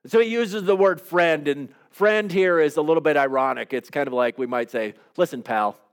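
A male pastor with a fairly high-pitched voice delivers a sermon. He talks in a loose, conversational way and keeps turning to the congregation with rhetorical questions. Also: fairly quick, smooth.

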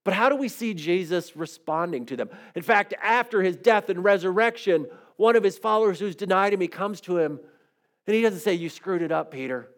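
A man preaching a sermon in a slightly high voice. His delivery moves between soft, quiet phrases and raised, emphatic ones as he tells stories to make his points. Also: lively intonation, a little fast. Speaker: pastor.

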